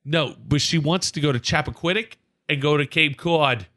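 A man in his forties holds forth on a casual podcast, his voice bright and pushing forward. He rambles through stories and circles back to the same lines again and again. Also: on the high side, moderate pace. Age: 40s. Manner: loud, rambling storyteller, repeats himself. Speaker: podcast co-host. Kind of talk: casual chat.

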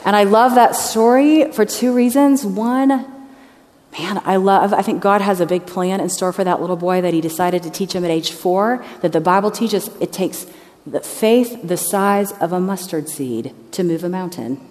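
A woman missionary telling a story in a sermon, lively and anecdotal, acting out the people in it. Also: medium pitch, normal speed. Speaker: missionary speaker. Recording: long reverb of a large hall.

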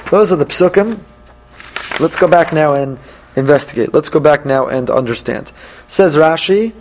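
Man teaching a Torah class. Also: a little high. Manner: translates phrase by phrase with fillers and restarts, thinking aloud. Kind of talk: Torah class, verse-by-verse explanation.

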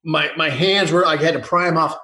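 Speaking on the high side, this football coach sounds steady, brisk, bright, and forceful while telling long, rambling stories with restarts and chuckles. The casual interview has a roomy sound and a rough recording.

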